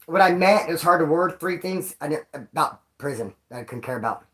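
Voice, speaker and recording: A man animatedly shares tales from prison straight to camera, peppering them with slang and curses and often voicing the other characters. His pitch is a little high and his pace a little quick.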